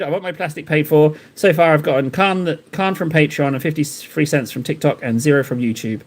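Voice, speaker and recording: Male streamer, fairly high voice, rambling and joking with chat as he paints. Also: fairly quick, hardly any pauses. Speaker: live streamer painting miniatures. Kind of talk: casual live-stream chat while painting.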